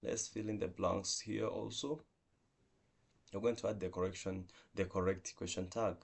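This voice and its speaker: Low-voiced man teaching English grammar. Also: fairly even intonation, vocal fry. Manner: explaining slowly with repeated example sentences. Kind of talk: online grammar lesson.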